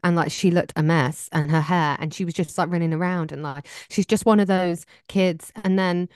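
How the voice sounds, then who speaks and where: A woman's voice: fairly low pitch, steady tone, normal speed, darkish tone, smooth, no room sound, clean studio sound. A woman co-hosting a podcast, chatting casually and quoting people as she tells stories. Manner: chatty, laughs easily, quotes people in her stories. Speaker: podcast co-host. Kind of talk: casual chat.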